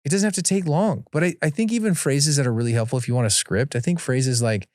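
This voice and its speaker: A man's voice: medium pitch, fast talker, a little mellow, no room sound, clean studio sound. A man who is a guest on a podcast and a father of four, giving earnest, casual advice and acting out the things he says at home. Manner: earnest, acts out his own quoted lines.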